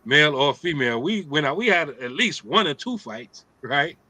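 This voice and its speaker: A middle-aged man leads a casual religious talk in a streetwise, joking way. His voice is bright and forceful, and he keeps checking in with his listeners by asking "right?". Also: on the high side, big pitch swings, normal speed, husky, low-quality recording. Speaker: host of an Islamic talk show.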